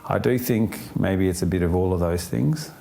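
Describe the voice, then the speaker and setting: A man speaks in a low register with a mellow, soft-edged tone. He answers an interview question thoughtfully, taking his time, pausing on fillers and circling back mid-sentence. His outlook comes across as gently upbeat. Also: gravelly. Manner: thoughtful, unhurried, many fillers and restarts.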